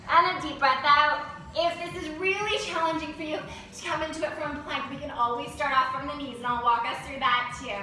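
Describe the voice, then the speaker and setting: A woman's voice: high-pitched, pushed and bright, a little hiss or hum. A woman yoga teacher guiding a class through poses and breaths, cueing in an encouraging way, recorded indoors. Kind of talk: guided yoga class instruction. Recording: very echoey room, voice from a distance.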